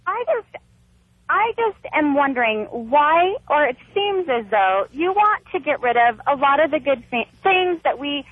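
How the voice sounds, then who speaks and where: A woman's voice: high voice, sing-song, a little slow, dry recording. Earnest woman caller on a tinny phone. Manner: earnest, pleading. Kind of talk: call-in radio conversation.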